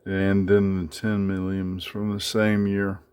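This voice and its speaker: A man casually talking through his coin collection in a home vlog, halting with many fillers as he handles each piece. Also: low voice, completely flat delivery, a little mellow, smooth. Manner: unhurried, many fillers, speaks haltingly while handling items. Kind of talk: casual show-and-tell vlog.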